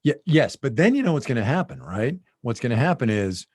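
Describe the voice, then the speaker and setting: Expressive man podcast co-host, dry mic. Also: mid-range voice, slightly rough, no room sound. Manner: expressive, mock-dramatic quoting, quick agreeing. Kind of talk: casual chat.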